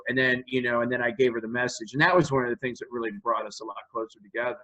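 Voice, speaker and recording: A man's voice: medium pitch, fairly even intonation, rapid-fire, few pauses, bright, forceful tone, poor audio. A man as an interview guest, telling rambling stories in a chatty way with a runny nose. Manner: rambling, chatty, laughs mid-story. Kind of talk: casual storytelling interview.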